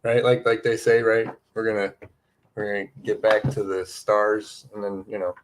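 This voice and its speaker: Rambling excitable man, low voice. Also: moderate pace, background noise. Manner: loose and excitable, full of "you know" and "right?". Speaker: host of a spiritual card-reading show. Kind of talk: rambling casual chat.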